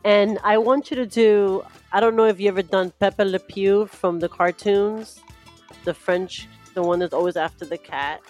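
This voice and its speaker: A woman's voice: medium pitch, steady tone, moderate pace, a little mellow, faint music behind. A woman co-hosting and asking the guest questions, giggly.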